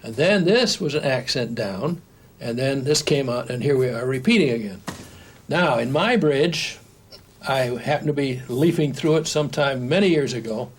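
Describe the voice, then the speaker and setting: A man's voice: on the high side, slightly rough. An older man teaching animation in a recorded home-video lesson, explaining step by step while he draws, with frequent restarts. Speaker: animation instructor. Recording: faint background noise, old home video.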